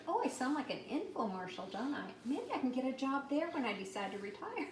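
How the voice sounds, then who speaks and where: A middle-aged woman giving a chatty, upbeat cooking demonstration and product pitch, talking straight to her viewers from a home kitchen. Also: very animated, moderate pace, few pauses, reverberant, recorded from a distance, slight background noise. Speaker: cooking demonstrator and sales consultant.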